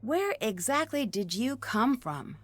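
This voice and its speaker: An actress playing a curious young female amateur detective who questions people calmly in a mystery game. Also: a little high, takes it slowly, dry recording, heavily acted. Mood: probing. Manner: inquisitive, calm questioning.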